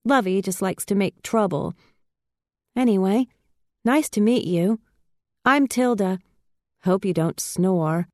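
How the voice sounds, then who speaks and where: A woman voicing a calm, friendly young mill girl in a storybook reading. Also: mid-range voice, takes it slowly, long pauses, dry recording, clean studio sound, lightly acted. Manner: calm, matter-of-fact.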